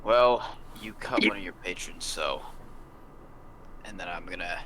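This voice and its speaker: A man's voice: low voice, unhurried, a bit bright, a little hiss or hum, rough recording. A man playing a tabletop role-playing game, loose and joking, swearing casually. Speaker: player.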